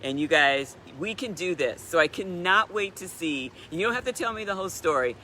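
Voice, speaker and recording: A woman in her sixties telling a story in a chatty, animated way, giving a motivational talk on a live stream. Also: fairly low pitch, a little fast, slight background noise. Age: 60s. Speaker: wellness speaker.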